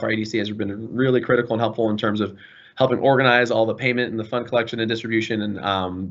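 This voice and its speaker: A man's voice: lowish voice, highs cut off. A man running an online information session for parents, earnest and apologetic as he answers questions. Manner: earnest, apologetic, warm toward students. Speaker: school administrator. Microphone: video call.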